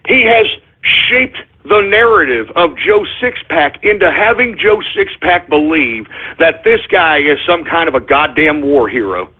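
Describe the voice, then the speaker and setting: A man hosting a political talk radio show, ranting angrily with profanity, shouting in bursts and calling his listeners folks. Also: high-pitched, breathy edge. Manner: addresses listeners as folks and gives orders to the engineer. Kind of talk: angry political call-in radio rant. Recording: tinny phone-like lo-fi audio.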